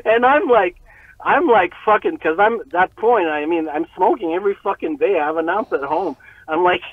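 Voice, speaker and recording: A man telling a story as an interview guest, profane and animated, often breaking into laughter. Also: sits high, normal speed, no echo. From Montreal. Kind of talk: casual storytelling. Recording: tinny phone-like line, very dry.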